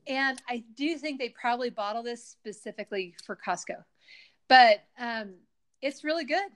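A woman's voice: fairly high pitch, moderate pace, fairly bright tone. A middle-aged woman hosting a podcast, chatting casually and enthusiastically. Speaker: podcast host. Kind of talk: casual chat.

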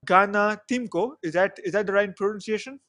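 A man with a fairly high voice hosts a podcast, talking in a loose, chatty way and often restarting his sentences. The sound is dry and close, with no room around him. He introduces the show and his guest casually. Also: fairly quick, fairly bright tone, no echo. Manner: chatty, self-correcting, frequent fillers. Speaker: podcast host.

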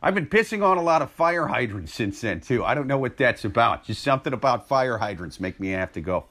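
A man on a comedy podcast trading crude, deadpan jokes in casual chat. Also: fairly quick. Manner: deadpan, crude joking with a lively pitch.

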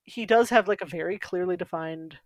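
A woman's voice: fairly low pitch, a little fast, no echo. A woman co-hosting a podcast, chatting casually and thoughtfully about a TV show, laughing often. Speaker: podcast co-host. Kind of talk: casual chat.

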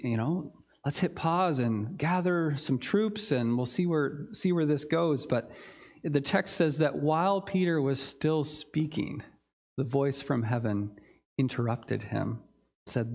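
A man's voice: on the high side, takes it slowly, a little mellow. A man preaching a sermon in an earnest, reflective way, with some fillers and restarts. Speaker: pastor.

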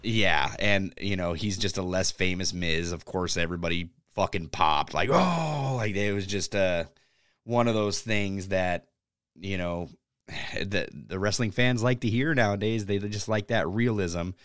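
Deep-voiced man in casual podcast chat. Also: a little slow, clear, resonant tone, no room sound, clean studio sound. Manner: relaxed, filler-heavy, swears casually. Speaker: podcast host.

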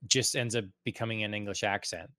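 A man hosting a casual stream chat, relaxed and a bit hesitant, with many fillers. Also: fairly low pitch, a little fast, dry recording, studio quality. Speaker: stream host.

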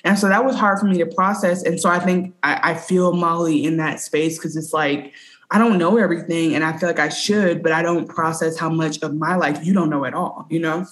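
Woman, lowish voice, animated casual chat, personal stories. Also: fairly quick. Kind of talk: casual chat about a TV episode.

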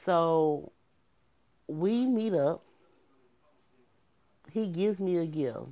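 Young woman, frank and exasperated storyteller addressing viewers directly; low voice, dull recording. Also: expressive, very slow. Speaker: storyteller vlogger. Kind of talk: casual storytime monologue.

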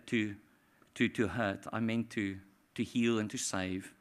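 A pastor preaching a sermon, swinging between hushed, tender passages and loud, impassioned ones. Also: male voice, medium pitch.

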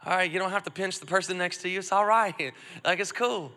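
A man, a father of a young son, preaching a sermon and calling on the congregation to repeat phrases back, swinging between loud urging and hushed reflection. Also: high-pitched, fairly quick. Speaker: pastor. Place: church auditorium. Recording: long hall reverb, music faint behind.

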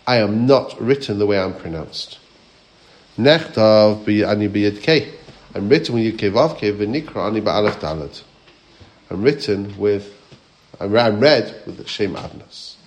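A man's voice: lowish voice, a little slow. Man, rabbi teaching a Torah class; questions the listeners, quotes Hebrew and Aramaic sources.

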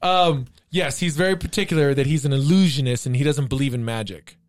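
A man's voice: mid-range voice, brisk. A man co-hosting a casual podcast chat, retelling stories with lots of laughter. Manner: animated storyteller, laughs often. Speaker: podcast co-host.

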